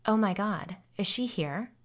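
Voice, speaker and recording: A woman's voice: lowish voice, steady tone, fairly quick, gravelly. A woman voicing the eager, chattering ghost of a teenage girl who turns bitter toward her old friends in this storybook reading. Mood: excited.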